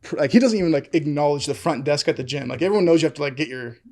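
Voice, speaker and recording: A man's voice: a little high, racing, mellow. A man co-hosting a podcast, telling a story in casual chat, acting out quotes and laughing often. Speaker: podcast co-host.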